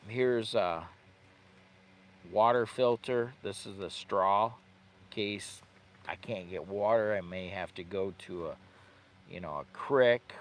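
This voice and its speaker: A man chatting casually on a livestream from inside his parked car camper, rambling and laughing at himself as he goes through his gear. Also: fairly low pitch. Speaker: vlogger.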